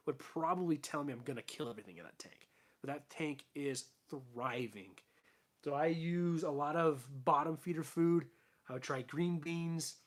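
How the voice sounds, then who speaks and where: A young man casually chatting on a late-night live stream from his fish room at home, rambling with lots of fillers and restarts, his voice starting to go hoarse. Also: on the high side. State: losing his voice. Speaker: aquarium channel host.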